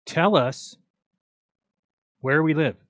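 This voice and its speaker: A man's voice: a little high, drawn-out words, a bit bright, no room sound, clean studio sound. A man hosting a livestream, talking casually in an exasperated, mocking, argumentative way. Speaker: livestream host. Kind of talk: casual ranting livestream talk.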